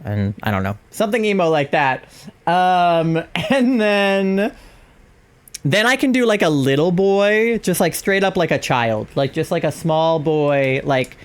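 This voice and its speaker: A woman's voice: fairly low pitch, expressive, measured pace. A woman streamer chatting casually while gaming, rambling with lots of fillers and frequent laughter.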